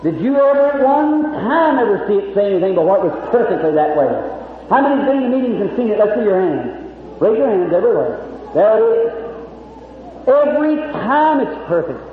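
High-pitched preacher in an echoing hall. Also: male voice, expressive, fairly quick, a little hiss or hum. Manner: fervent storytelling with quoted dialogue. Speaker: evangelist preacher. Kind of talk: testimony sermon to a live meeting. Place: large hall at a revival meeting. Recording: lo-fi phone-like archival recording in an echoey hall.

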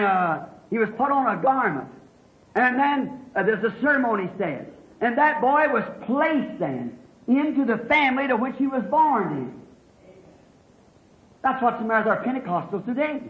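Male revival preacher, very high voice, fiery, dull lo-fi tape. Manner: swings from hushed to shouting, fervent. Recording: echoey, muffled old sermon recording.

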